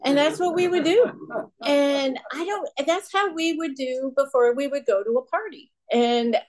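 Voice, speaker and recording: A woman's voice: sits high, normal speed, a little mellow. Candid woman in her fifties sharing. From Rochester, New York, USA. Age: 50s. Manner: candid, self-deprecating, frequent restarts and "you know". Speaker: recovery speaker. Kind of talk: personal testimony talk from a stage. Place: speaking from a stage to a meeting.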